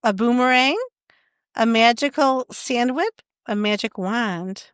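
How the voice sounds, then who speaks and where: A woman's voice: a little high, takes it slowly, fairly bright tone, smooth, no echo, studio quality. A young woman co-hosting a podcast, chatting casually and reading quiz questions aloud with laughs. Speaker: podcast co-host. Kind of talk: casual chat.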